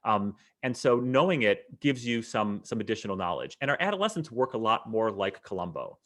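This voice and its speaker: A man teaching a math webinar, explaining in a lively way with frequent fillers and restarts. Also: lowish voice, brisk. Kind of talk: webinar lecture.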